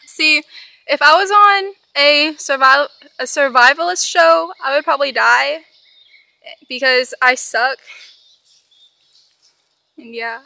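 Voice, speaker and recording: A teenage girl vlogs while hiking through the woods, holding the camera herself and narrating in a dramatic, panicky, self-mocking way. Her voice is high and slow with vocal fry and a sharp tone, and she pauses often. The recording is dry.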